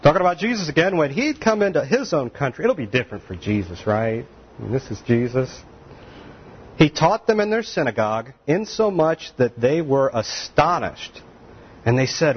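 A man's voice: on the high side, very animated, normal speed, breathy edge, highs cut off. A man preaching a sermon in a folksy, joking way, often laughing and acting out the voices of the people he quotes. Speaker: pastor.

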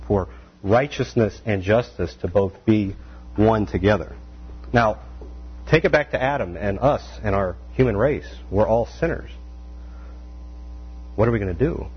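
A male preacher talks through a casual sermon, his pitch rising and dipping as he fires off rhetorical questions. The recording sounds dull and lo-fi, with a faint mains hum running under him. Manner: animated, acts out quoted voices, rhetorical questions. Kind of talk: conversational sermon.

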